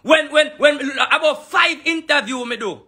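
A man's voice: very high voice, moderate pace, bright, forceful tone. A man with a Jamaican accent delivering a heated, profane rant in patois, full of repeated taunts. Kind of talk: angry ranting monologue.

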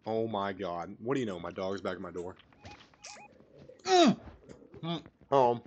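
A young man giving casual live commentary to a teammate while playing a battle royale game, rambling one moment and shouting callouts the next. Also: low-pitched, fairly quick, muffled recording, slight background noise. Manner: casual, rambling, bursts into excited shouting in fights. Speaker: gamer streamer.

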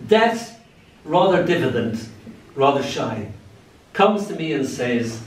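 An older Irish man reads his poetry to a live audience in a playful, lilting way. His voice sits at a middle pitch and reaches the mic from far off, ringing around a very echoey venue with faint ambience behind. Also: very animated, slow, pauses often. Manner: playful, lilting, sudden swings in loudness. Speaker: poet. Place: event venue.

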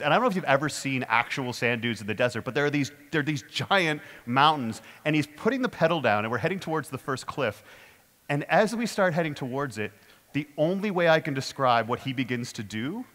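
A man giving a keynote talk, telling a story with self-deprecating humor and lively comic timing. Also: a little high. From Canada. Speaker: keynote speaker.

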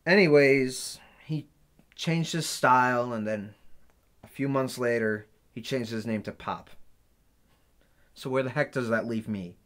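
An actor playing a bitter, boastful former tour mate in a mockumentary interview, speaking deadpan. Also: male voice, medium pitch, measured pace, pauses often, close to an everyday voice. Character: washed-up male ex-bandmate, bitter and boastful.

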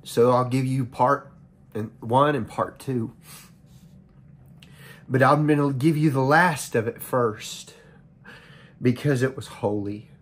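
A man preaching to his followers, choked up and halting as he recounts a vision, often restarting his sentences. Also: medium pitch. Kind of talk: emotional spoken testimony.

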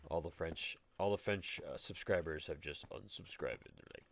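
A man's voice: low-pitched, moderate pace, few pauses, slight background noise. A man hosting a casual game video, rambling and joking to himself as he builds. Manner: jokey, rambling, talks to himself while building. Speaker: Let's Play host. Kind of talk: casual gameplay commentary. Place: at home.

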